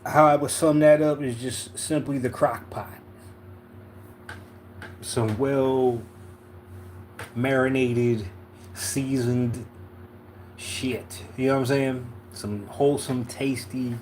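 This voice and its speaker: A laid-back Philadelphia man hosts a casual tarot reading on a livestream, using slang and checking in with "you know what I'm saying." His mid-range voice is steady and a little mellow, slow with long pauses, over slight background noise.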